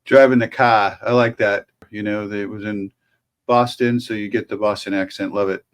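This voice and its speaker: A man's voice: fairly low pitch, level tone, moderate pace. A man who is a lawyer, hosting his channel in casual video commentary, chatty and self-amused.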